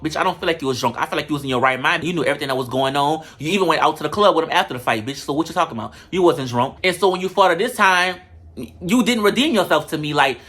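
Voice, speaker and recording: A sassy show-review vlogger with a bright, forceful tone, cursing freely through a comedic recap and talking right to the viewers. The delivery jumps between quick asides and slow, drawn-out emphasis. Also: mid-range voice. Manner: sassy, profane, talks straight to viewers.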